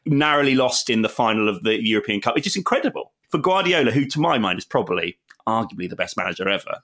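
A man's voice: lowish voice, expressive, fast, fairly bright tone. A man appearing as a guest on a podcast, chatting casually in an enthusiastic, emphatic way. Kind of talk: casual chat.

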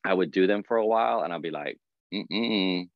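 A man talking casually on a podcast, animated and laughing as he acts out what people said. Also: sits low, normal speed, no room sound, dull audio. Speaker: podcast guest.

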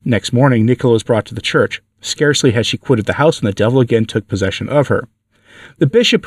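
Male podcast narrator, earnest measured reading, average pitch, dry distant sound. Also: husky, dry recording. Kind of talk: reading a devotional story aloud.

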